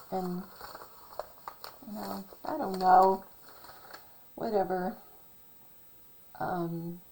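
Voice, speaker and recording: A woman talking to her channel viewers in a loose, chatty monologue. She stops to correct herself, wanders off topic and then pulls back. Her voice sits at an ordinary middle pitch for a woman. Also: a little mellow, a little hiss or hum, poor audio. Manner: chatty, self-correcting, digressive. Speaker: channel host. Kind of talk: casual rambling monologue.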